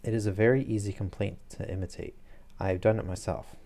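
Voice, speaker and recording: A man voicing a sharp, cool-headed detective who lays out his reasoning crisply. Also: fairly low pitch, fairly even intonation, quick pace, lightly acted.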